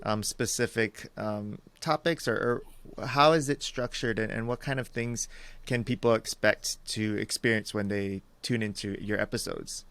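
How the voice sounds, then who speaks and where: A man's voice: on the low side, steady tone, normal speed, a bit bright, clean tone. A man hosting a podcast interview, friendly and chuckling as he asks open questions. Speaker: podcast host.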